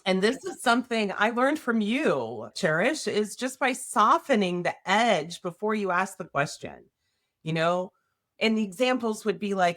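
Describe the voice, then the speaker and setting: A woman's voice: mid-range voice, expressive, measured pace, a bit bright. A woman hosting a podcast, explaining ideas casually with workplace examples and often checking in with "right?". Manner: conversational, tags points with "right?". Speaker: podcast host.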